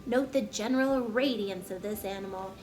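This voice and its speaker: A woman's voice: mid-range voice, normal speed, darkish tone, close to an everyday voice. A woman voicing a pompous male county fair announcer who speaks in grand, formal speech.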